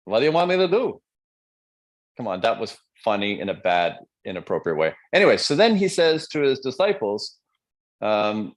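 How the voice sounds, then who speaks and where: A man giving a live-streamed motivational talk, joking and conversational, checking in with his audience with quick questions. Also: mid-range voice, big pitch swings. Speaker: motivational speaker.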